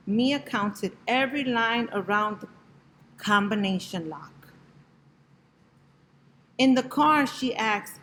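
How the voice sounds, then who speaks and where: Slow, gentle woman reading a picture book. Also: fairly high pitch, expressive, slight background noise, low-quality recording. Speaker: storybook reader.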